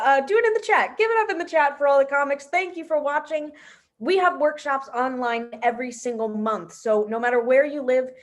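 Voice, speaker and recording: Host, woman, bright higher voice, chatty and upbeat. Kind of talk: casual show wrap-up.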